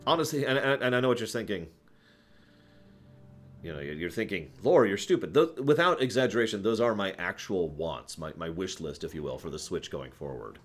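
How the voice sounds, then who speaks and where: Man, lowish voice, lively up-and-down delivery, casual stream chat, rambling. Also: fairly quick, soft background music. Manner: rambling, self-correcting, chuckles often. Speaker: streamer answering viewer questions.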